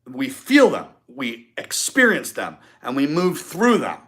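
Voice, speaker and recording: A man's voice: mid-range voice, wildly swooping pitch, measured pace, fairly bright tone. A man hosting a live-stream podcast, giving an emphatic motivational talk and repeating his key points. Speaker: podcast host.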